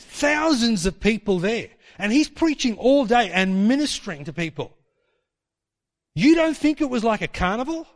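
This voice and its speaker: Animated high-voiced preacher in a reverberant hall. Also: male voice, normal speed. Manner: animated, acts out quotes in mock voices. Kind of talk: sermon.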